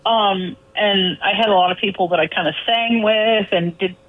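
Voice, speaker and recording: A woman phones in to a radio program and chats loosely, piling up fillers and side remarks. Her voice comes through a narrow, tinny telephone line. Her pitch sits in the middle for a woman. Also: fairly even intonation, moderate pace. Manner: chatty, rambling, with many fillers. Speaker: caller to a radio show. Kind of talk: casual phone chat.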